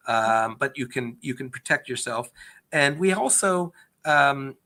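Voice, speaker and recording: In a conversational Q&A presentation on investor fraud, a government agency man speaks at a measured pace in a mid-range, expressive voice with a sharp tone. His answers are earnest and explanatory, with many restarted sentences.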